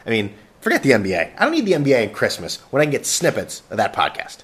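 A man's voice: medium pitch, wildly swooping pitch, fast talker, fairly bright tone, husky. A man hosting a casual solo podcast, rambling sarcastically with plenty of swearing and jokey asides to an absent co-host. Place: vacation rental with no internet.

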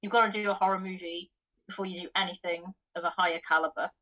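A woman's voice: on the low side, fairly even intonation, fast, sharp tone, rough recording. A woman co-hosting a film podcast, chatting cheerfully with frequent giggles. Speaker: podcast co-host. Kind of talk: casual film chat.

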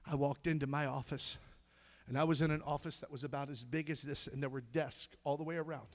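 His voice is on the high side, fairly quick and fairly even in intonation. This middle-aged pastor preaches loudly in call-and-response with his congregation, singing bits of a song and laughing through his stories.

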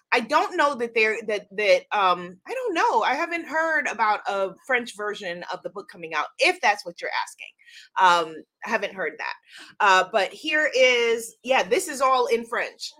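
High bright excitable woman livestreaming. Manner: excitable, gushing, talks to viewers. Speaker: livestream host unboxing a tarot deck. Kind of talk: casual livestream chat.

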